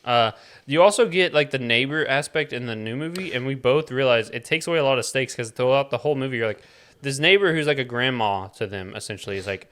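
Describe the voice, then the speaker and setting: A man co-hosting a casual film review podcast, agreeable and jokey, backing up his partner with quick yeahs. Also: medium pitch, a bit bright, clean tone. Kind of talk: casual chat.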